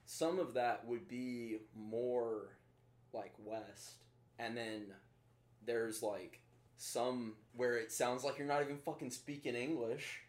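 A man's voice: medium pitch, fairly even intonation, takes it slowly. A man chatting bluntly as a podcast co-host, swearing freely and laughing often. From Kentucky. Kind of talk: casual chat. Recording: echoey room.

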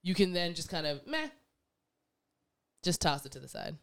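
Woman guest, casual chat, lively and opinionated, smooth resonant tone. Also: deep voice, fast. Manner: animated, acts out quoted voices, laughs often.

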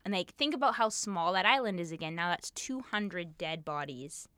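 A woman co-hosting a podcast, casually telling a dark history story, swearing and laughing along the way. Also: on the low side, normal speed, clear, resonant tone, dry recording.

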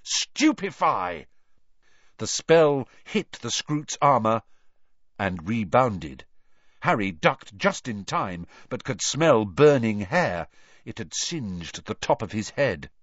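Man reading a story, lively and dramatic. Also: lowish voice, slow pace, no room sound, muffled recording. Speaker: audiobook reader. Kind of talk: storybook narration.

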